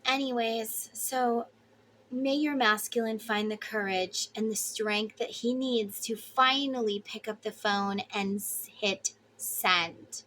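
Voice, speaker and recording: A woman's voice: on the high side, steady tone, slow pace, fairly bright tone, slight background noise. A woman giving a casual tarot reading to her viewers, emotive and chatty, with the odd swear word. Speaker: tarot reader.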